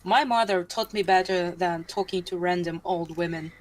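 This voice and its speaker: A woman's voice: fairly low pitch, normal speed, slight background noise, rough recording. A woman playing a tabletop game, chatting casually with playful asides. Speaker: player.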